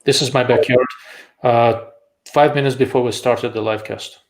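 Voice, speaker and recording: A man hosts a relaxed live-stream conversation over a video call. His voice has a gravelly edge and sits at a middling pitch. He talks with dry, blunt humor. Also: moderate pace. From Russia. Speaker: host of a live show on rifle optics. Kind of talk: casual live-stream chat.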